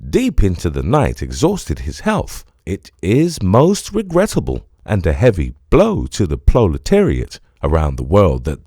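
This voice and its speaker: A man voicing an elderly German gentleman who speaks formal, precise English with a German accent in an audiobook. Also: low voice, huge pitch swings, no room sound, studio quality, heavily acted. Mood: solemn. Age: older. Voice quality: formal, precise, deliberate delivery.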